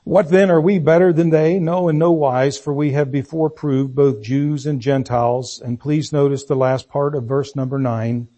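A man preaching a sermon, reading scripture and praying in a deliberate, emphatic way. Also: medium pitch, steady tone, warm tone. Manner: slow, deliberate, emphatic delivery.

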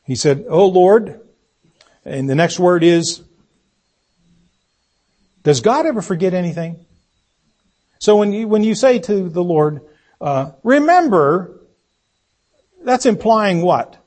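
Husky man leading a Bible study. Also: high-pitched, animated, measured pace, long pauses, a little mellow. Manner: questioning, asks the group for answers. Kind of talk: interactive Bible study teaching.

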